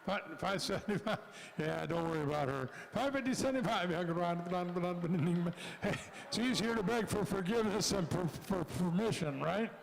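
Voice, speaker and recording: A man with a Southern American accent calling bids at a livestock auction in a rapid rhythmic chant, joking with the crowd between bids. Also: sits high, vocal fry, long reverb tail, a little hiss or hum, rough recording. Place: indoor livestock show arena.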